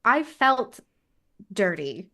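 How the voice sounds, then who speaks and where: Frank, animated podcast woman. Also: mid-range voice, drawn-out words. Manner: frank, animated, swears and laughs often. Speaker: podcast co-host. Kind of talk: casual chat.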